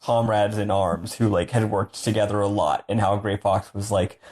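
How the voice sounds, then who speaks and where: Lowish male voice, rambling podcast chat. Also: steady tone, normal speed, a little mellow. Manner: rambling, thinking aloud, correcting himself. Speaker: podcast co-host.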